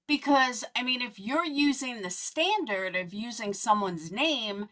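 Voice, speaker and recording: A woman's voice: a little high, measured pace, hardly any pauses, fairly bright tone. A woman commentary host, sarcastic and cursing.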